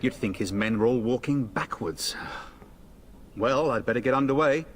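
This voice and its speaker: An actor voicing a cheerful young noble knight, a joking older brother heading off to war. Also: male voice, medium pitch, moderate pace, slight background noise, lightly acted. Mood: jovial. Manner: jovial, teasing.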